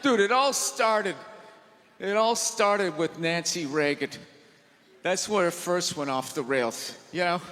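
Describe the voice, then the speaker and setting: A man doing a stand-up routine in a large theater, ranting loudly and mocking people in put-on voices. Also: high-pitched, slow pace. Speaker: stand-up comedian. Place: large theater with live audience. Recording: live theater recording, hall reverb, audience noise. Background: audience laughter and crowd.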